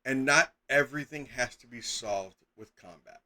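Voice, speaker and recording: A man's voice: medium pitch, moderate pace, bright, forceful tone. A middle-aged man chatting casually as a game master on a live stream, rambling with lots of fillers and sudden emphatic bursts.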